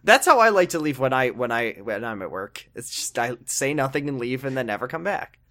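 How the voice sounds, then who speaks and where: A man's voice: medium pitch, sing-song, a little fast, sharp tone. A man co-hosting a casual podcast, recapping plot with dry sarcastic asides. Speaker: podcast co-host recapping a TV show. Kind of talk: casual chat.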